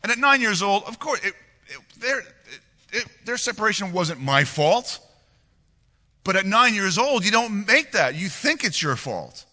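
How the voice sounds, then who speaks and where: Animated bright-voiced man preaching in a hall. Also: high voice, moderate pace. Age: 40s. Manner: earnest, animated, restarts and repeats words. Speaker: pastor. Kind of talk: sermon with personal storytelling.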